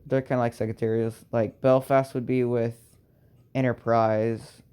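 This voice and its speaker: Young guy making up a fan story as he goes; slow, hesitant delivery, mellow smooth tone. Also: mid-range voice, flat delivery. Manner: halting, many restarts and fillers, sighs. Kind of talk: improvised fan story narration.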